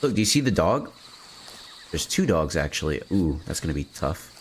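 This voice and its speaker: Male streamer, slow, playful, low and animated. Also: slight background noise. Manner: playful, joking, chats to viewers. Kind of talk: casual gameplay commentary.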